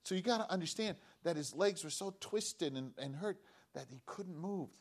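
A man gives a children's sermon in a slightly high voice. He tells the story in a lively, swooping way and often stops to ask the young listeners questions. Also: normal speed. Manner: animated, asks children questions, acts out voices. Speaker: pastor giving a children's message.

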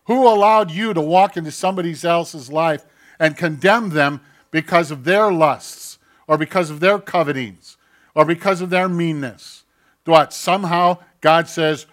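A man preaching a sermon, swinging from loud mocking outbursts to quiet asides and acting out quoted voices. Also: on the high side, moderate pace. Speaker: pastor.

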